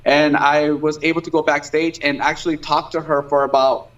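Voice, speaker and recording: A man in his thirties talks in a casual interview, rambling through fillers and restarts. His voice sits a little high for a man. The sound is dull and lo-fi, like a streamed call. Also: level tone, normal speed, fairly bright tone. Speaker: guest singer.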